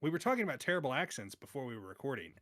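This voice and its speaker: A man's voice: medium pitch, big pitch swings, racing, fairly bright tone, dry recording, studio quality. A man hosting a movie podcast in casual, jokey chat, laughing often. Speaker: podcast host and judge.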